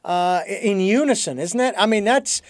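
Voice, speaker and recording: A man hosting a conversation, talking haltingly with many fillers and restarts. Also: high-pitched, dry recording, clean studio sound. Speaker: host. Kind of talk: casual conversation.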